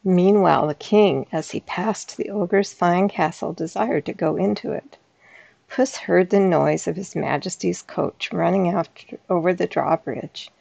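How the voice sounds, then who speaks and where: A woman storyteller reading a classic fairy tale aloud in a soft-spoken, unhurried way. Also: on the low side, creaky, husky, dry recording.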